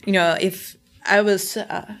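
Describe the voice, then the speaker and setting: A woman's voice: mid-range voice, flat delivery, measured pace, fairly bright tone. A woman with a Southern country accent, chatting casually as a guest on a podcast recorded at a distillery and laughing easily. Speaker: whiskey blender guest. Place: distillery office.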